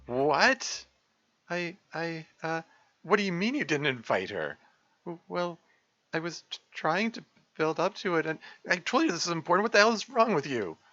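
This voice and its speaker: A man's voice: fairly high pitch, big pitch swings, moderate pace, sharp tone, lo-fi sound, soft background music, pitched above the performer's own voice, heavily acted. Man voicing an insistent game club leader girl. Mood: distraught. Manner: insistent, pressing questions. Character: intense, demanding teenage girl club leader.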